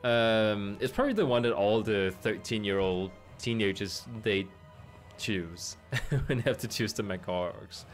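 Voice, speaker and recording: A man's voice: fairly low pitch, expressive, measured pace, faint music behind. A man streaming a game, chatting casually and thinking aloud with amused asides. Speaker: gaming streamer.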